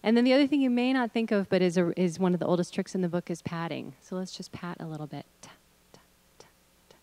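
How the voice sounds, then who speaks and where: A woman's voice: fairly low pitch, fast, dark tone, no echo. A middle-aged woman leading an audience through voice exercises, encouraging them and demonstrating with hums, chants and sung notes. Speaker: workshop leader.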